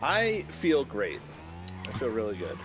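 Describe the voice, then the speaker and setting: A man co-hosting a live game stream, chatting casually and animatedly, his voice leaping up when excited and laughing often. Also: medium pitch, a little slow, faint music behind. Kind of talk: casual chat.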